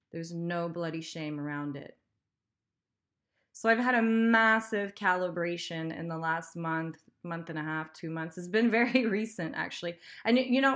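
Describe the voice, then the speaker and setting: A woman's voice: on the low side, fairly bright tone. A woman hosting a podcast, giving a candid motivational monologue, emphatic, swearing freely and laughing often. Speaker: podcast host.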